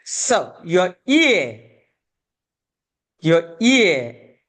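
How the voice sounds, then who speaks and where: A woman's voice: lowish voice, very animated, very slow. A woman teaching a beginner language class, patiently repeating each word and breaking words into syllables.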